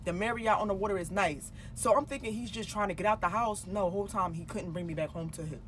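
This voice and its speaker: Woman vlogger, casual storytime delivery, profane, conversational, mid pitch. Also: quick pace, background noise. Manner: chatty, swears freely, acts out her own past dialogue.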